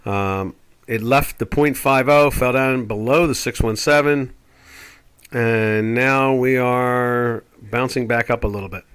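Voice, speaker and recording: With a clear, resonant, somewhat bright mid-range voice, an older man speaks slowly as host of a live trading chat. He goes over market charts, rambling, opinionated, and doing voices for quotes.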